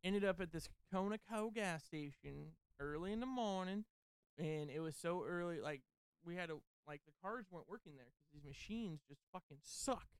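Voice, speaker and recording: A man's voice: on the high side, animated, moderate pace, clean tone, no room sound. A man co-hosting a podcast, rambling through crude casual banter full of swearing and laughter. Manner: profane, rambling, laughs often. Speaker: podcast co-host.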